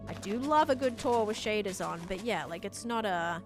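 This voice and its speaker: A woman's voice: medium pitch, animated, normal speed, music in the background. An Australian woman streaming a building game, chatting casually and reading out viewer comments with frequent laughter. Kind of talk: casual live-stream chat while gaming.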